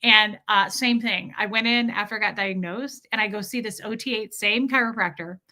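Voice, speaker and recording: A woman hosting a livestream, telling a personal story in a candid, animated way and breaking off now and then to greet viewers in the chat. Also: mid-range voice, moderate pace. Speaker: livestream host.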